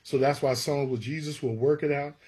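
In this storytelling interview, a man who writes gospel songs recounts episodes from his life and brings the people he quotes to life. His voice is husky and a little high, and he talks fairly quickly.

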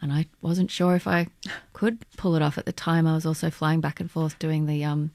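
This is a woman from Australia, an actor talking about her work in an interview. Her voice sits low and has a gravelly rasp. She hesitates and restarts often, and the sound is dry and close. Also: flat delivery, darkish tone, no room sound. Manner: halting, hesitant, with many restarts. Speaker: guest actor. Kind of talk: casual interview talk.

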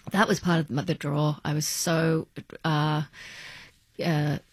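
An actress from Australia, talking in a halting, searching way as a guest in an interview. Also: female voice, low-pitched, level tone, husky, no room sound. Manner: halting, searching for words, many restarts. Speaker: stage and screen actress, guest. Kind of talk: casual interview chat.

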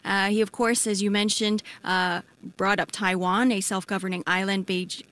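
A woman reporting as a foreign correspondent over a remote line, explaining in a measured way with frequent hesitations. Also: medium pitch, a bit bright. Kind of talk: radio news interview. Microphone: remote line with delay.

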